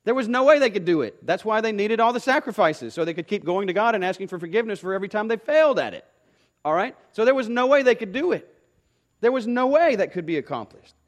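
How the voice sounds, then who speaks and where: A man's voice: high-pitched, lively intonation, fast. A pastor preaching a sermon to his congregation, emphatic and repeating key phrases, often asking rhetorical questions.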